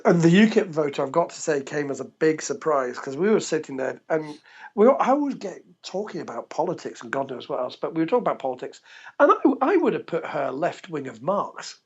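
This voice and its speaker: Gravelly guy from england chatting as a podcast guest, lively stories, lots of laughing, kinda muffled lo-fi sound. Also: a little high, a little fast. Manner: animated, laughs often while telling stories. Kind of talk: casual interview storytelling. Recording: dull lo-fi podcast recording.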